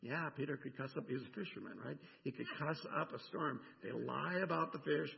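A man preaching a sermon in a gravelly, somewhat high voice, chatty and animated as he keeps checking in with his listeners. The sound is a little dull, with long reverb from the church sanctuary. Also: a little fast. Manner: animated, conversational preaching with frequent "right?". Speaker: pastor.

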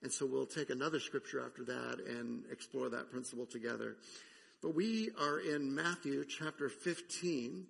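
Gravelly man preaching in a reverberant hall. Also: medium pitch, fairly bright tone. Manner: conversational, pausing to reflect on scripture. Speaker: pastor. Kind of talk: sermon.

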